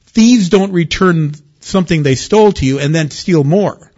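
Husky male preacher, lo-fi sound. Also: fairly high pitch, moderate pace. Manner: expressive, swings from loud excitement to quiet warning. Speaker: pastor. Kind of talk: sermon.

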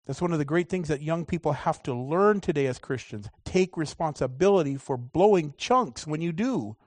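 A man's voice: on the high side, animated, normal speed, hardly any pauses, dry recording. Dynamic male preacher, dry sound. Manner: dynamic preaching, swings between loud emphasis and quiet asides. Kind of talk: sermon.

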